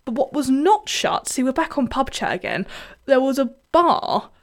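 A woman's voice: high voice, very animated, normal speed. A young woman hosting a music radio show, chatting casually and self-deprecatingly between songs.

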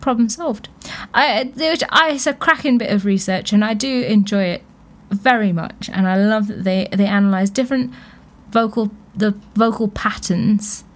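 A woman hosting a radio show, chatting casually with frequent laughs and thinking aloud. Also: medium pitch. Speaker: radio host.

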